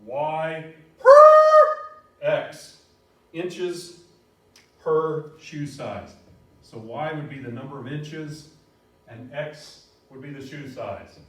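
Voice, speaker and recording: A middle-aged man teaching a college algebra lecture, animated and telling stories, shouting out key words now and then. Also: medium pitch, takes it slowly. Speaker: college math instructor. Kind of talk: recorded math lecture. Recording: very echoey room, voice from far off.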